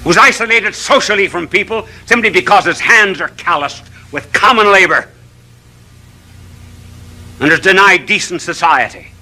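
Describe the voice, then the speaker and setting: A man's voice: high voice, normal speed, sharp tone, poor audio. A man, a bishop, giving a televised sermon in a studio, orating through long runs of rhetorical questions.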